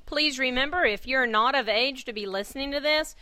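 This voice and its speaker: A woman hosting a podcast, reading a story aloud in an earnest, measured way. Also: sits high, bright, forceful tone, no room sound. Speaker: podcast host and fanfic reader.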